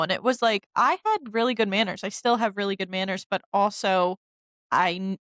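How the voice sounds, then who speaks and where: A young woman co-hosting a casual chat, telling lively stories and acting out the people she quotes. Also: mid-range voice, a little fast, dry recording. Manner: animated storytelling, acts out quoted people. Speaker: co-host.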